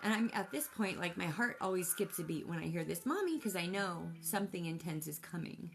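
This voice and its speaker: A woman's voice: fairly low pitch, brisk, gravelly, faint music behind. A mother telling a personal story casually, in an emotional, rambling way with many restarts.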